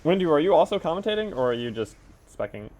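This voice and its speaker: A man's voice: a little high, sing-song, quick pace, darkish tone, slight background noise. A man casting a strategy game match as host, with upbeat, joking play-by-play. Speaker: esports caster. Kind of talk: game commentary.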